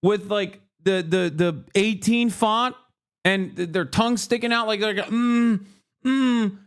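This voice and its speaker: A man live streaming, reacting to the news in an animated, profane, sarcastic rant with mocking impressions. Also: high-pitched, measured pace, clear, resonant tone. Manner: mocking impressions of other people.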